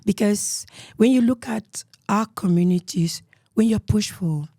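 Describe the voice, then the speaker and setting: As an interview guest, a woman with a Cameroonian accent tells her life story earnestly and emotionally, often dropping to a soft murmur. Her voice is mid-range and a little slow, recorded dry with clean studio sound.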